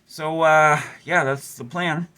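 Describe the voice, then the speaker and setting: Here the guitar repair host sounds fairly high-pitched, pushed and bright, speaking slowly in a steady tone with slight hiss or hum. His casual talk while fixing a guitar rambles, mixing wry self-mockery with lots of fillers.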